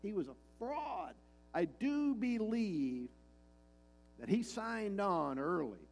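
A man's voice: high voice, very animated, takes it slowly, gravelly, darkish tone, soft background music, poor audio. A male pastor preaching a sermon, emphatic and repeating his key lines, with frequent rhetorical questions to the congregation.

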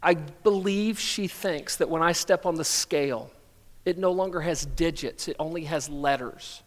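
High-voiced middle-aged preacher in a hall. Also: male voice, unhurried. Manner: storytelling, self-deprecating humor. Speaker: pastor. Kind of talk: sermon. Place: church sanctuary.

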